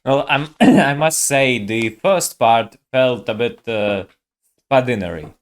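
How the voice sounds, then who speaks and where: Slow-talking man reacting casually. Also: medium pitch. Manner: hesitant, repeats words while thinking aloud. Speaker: video reactor. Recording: music playing behind the voice.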